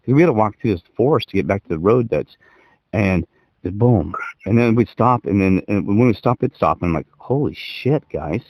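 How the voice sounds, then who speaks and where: A man's voice: fairly low pitch, lively intonation, a little fast, dry recording, lo-fi sound. A middle-aged man telling a story in casual chat as a podcast co-host, rambling and swearing and laughing as he goes.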